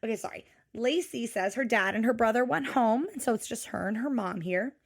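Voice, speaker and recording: A woman's voice: a little high, fairly quick, creaky. A woman co-hosting a podcast in casual recap chat, swearing freely and laughing often. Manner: profane, animated, laughing often. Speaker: podcast co-host.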